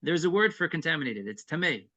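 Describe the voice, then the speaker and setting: Male scripture teacher with a bright, forceful tone who explains verse by verse. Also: fairly high pitch, big pitch swings, fast talker, highs cut off. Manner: reads Hebrew verses then explains them; earnest and explanatory, with brief chuckles. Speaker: Torah class teacher. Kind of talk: evening text-study class.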